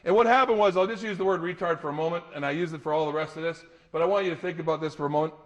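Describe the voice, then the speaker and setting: Middle-aged man, slightly high voice, motivational speaker, animated stage storytelling. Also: rapid-fire, lo-fi sound. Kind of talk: live talk to an audience.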